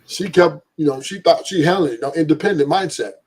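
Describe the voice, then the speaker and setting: Husky guy, higher voice, laid back, drags out his points. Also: quick pace, darkish tone, rough recording. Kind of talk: casual debate.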